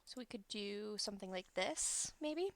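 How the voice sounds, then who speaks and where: Expressive and fairly bright in tone, a woman with a medium-pitched voice chats at a moderate pace during gameplay. She builds while thinking aloud close to the microphone, correcting herself along the way.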